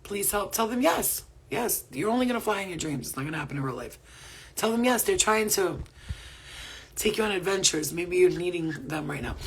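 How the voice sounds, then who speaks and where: A woman's voice: lowish voice, brisk, breathy edge. A woman hosting a casual spiritual livestream, reading viewer comments, laughing often and swearing freely. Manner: profane, laughing often, animated.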